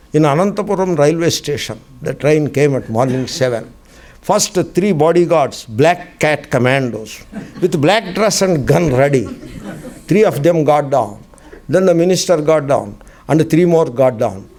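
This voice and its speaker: A man with an Indian English accent gives a scriptural class, telling his stories with frequent chuckles. He drives his points home by repeating short phrases, and his voice sits a little high for a man. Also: a little mellow. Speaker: spiritual teacher.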